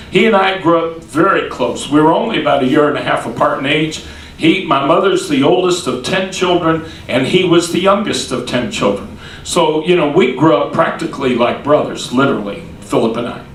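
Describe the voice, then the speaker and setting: A male preacher with a high voice tells a story in a folksy, homespun way, stacking up "he said" as he acts out each voice. He sounds far from the mic, in an echoey room. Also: a bit bright. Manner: folksy, repeats "he said" while acting out quoted voices. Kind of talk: sermon storytelling.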